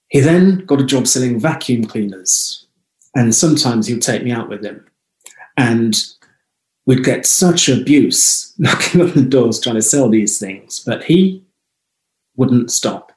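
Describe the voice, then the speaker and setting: A man speaks as an interview guest, unfolding personal anecdotes in a reflective, unhurried way. His voice sits at an ordinary middle pitch. The recording carries a roomy echo around him. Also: a little mellow. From United Kingdom. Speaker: guest, holistic health clinic founder. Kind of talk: conversational interview storytelling.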